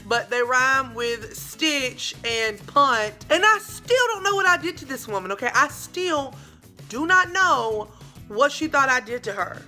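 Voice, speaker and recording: A young woman telling a dramatic story in a casual vlog, with lively asides to her viewers. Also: high voice. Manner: animated, dramatic retelling with asides. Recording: faint background music.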